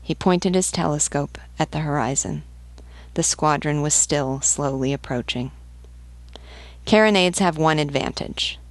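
A woman reading a novel aloud in a measured, even manner. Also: low voice, no room sound. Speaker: book reader. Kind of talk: audiobook reading.

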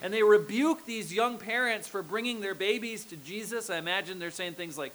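High, bright-voiced preaching man. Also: a little fast, few pauses, poor audio. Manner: conversational, checks in with "okay?" and "right?". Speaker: pastor. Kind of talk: sermon.

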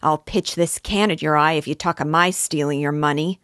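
A woman's voice: low-pitched, normal speed, dry recording, studio quality. A woman voicing a sullen, defensive village man who mutters.

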